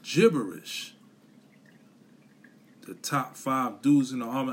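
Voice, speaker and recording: A man's voice: medium pitch, takes it slowly. A man on a podcast giving a blunt, profane, repetitive motivational rant, full of slang. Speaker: podcast host.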